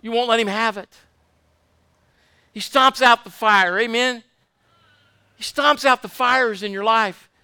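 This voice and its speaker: A man's voice: extremely high pitch, unhurried, long pauses, pushed and bright, clean tone, no room sound. A man preaching a fervent sermon, repeating his points and asking the congregation for amens. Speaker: pastor.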